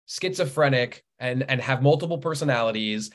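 A man in his thirties, a writer and podcast guest, chatting casually as a lively storyteller who laughs often and acts out quoted lines. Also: mid-range voice, moderate pace. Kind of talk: casual interview chat.

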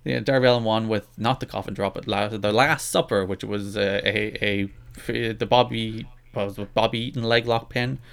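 A man's voice: on the low side, steady tone, normal speed, gravelly, fairly bright tone. A man co-hosting a casual wrestling podcast, rambling and self-deprecating with lots of restarts. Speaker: podcast co-host.

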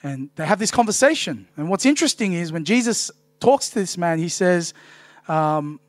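A man's voice: sits high, expressive, moderate pace, dry recording. A man, preaching a casual, joking sermon full of "right?" tags. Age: 30s. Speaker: pastor.

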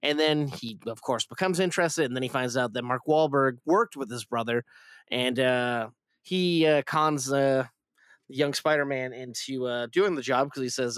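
A man's voice: medium pitch, moderate pace, a bit bright, clean tone, no echo, studio quality. A man hosting a casual film review podcast, rambling with lots of fillers and restarts.

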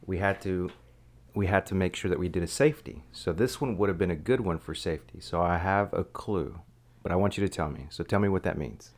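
Very deep-voiced woman hosting a podcast. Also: fairly quick, darkish tone. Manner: rambling, self-mocking, restarts often. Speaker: podcast host. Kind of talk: casual podcast chat.

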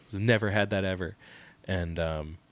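A man in his thirties co-hosts a casual parenting podcast. His voice sits very low. He tells stories in an animated way, often breaking into laughter. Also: moderate pace. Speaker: podcast co-host. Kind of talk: casual chat.

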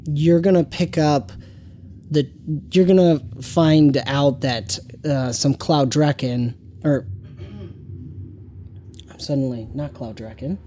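Higher-voiced man running a tabletop game. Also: mellow, slight background noise. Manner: halting, many fillers and restarts while improvising. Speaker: game master and show host.

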